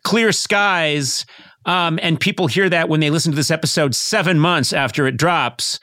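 A man's voice: on the high side, brisk, bright, forceful tone, no room sound, studio quality. A man hosting a comedy podcast, riffing playfully and laughing often. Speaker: podcast host. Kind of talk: comic podcast banter.

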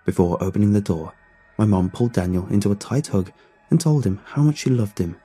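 A man narrating a first-person horror story in a steady, dramatic way. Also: on the low side, fairly quick, breathy edge, soft background music.

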